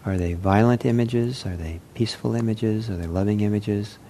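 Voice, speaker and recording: A man with a lowish, mellow voice gives an unhurried meditation talk. He talks in a gentle, reflective way, pausing often and restarting his sentences. A faint hiss sits underneath him. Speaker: meditation teacher. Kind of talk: unscripted dharma talk.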